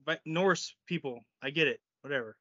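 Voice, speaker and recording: A man's voice: a little high, normal speed, a bit bright, no echo, highs cut off. A man co-hosting a podcast, joking and laughing often in casual chat. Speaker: podcast co-host.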